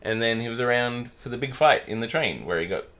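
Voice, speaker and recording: A man co-hosts a podcast, chatting casually and telling anecdotes with frequent laughter. He's an expressive, fast talker with a medium-pitched, somewhat bright voice.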